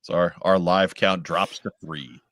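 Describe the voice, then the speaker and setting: A man hosting a casual podcast with dry, wry jokes. He sounds congested and hoarse from a chest cold. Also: sits low, steady tone, unhurried, a bit bright, dry recording. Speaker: podcast host.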